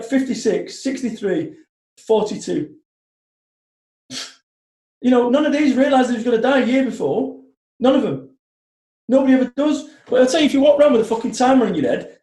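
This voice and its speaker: A man's voice: very high-pitched, dark tone, reverberant, poor audio. A man in his forties, a motivational speaker telling blunt, heavily profane stories in casual podcast chat. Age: 40s.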